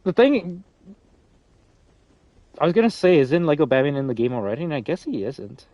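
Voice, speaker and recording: A man's voice: a little high, big pitch swings, normal speed, darkish tone, dry recording, dull audio. Rambling male streamer, swears casually. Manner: rambling, many restarts and fillers, swears freely. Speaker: streamer hosting a game lobby. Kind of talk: casual live-stream chat.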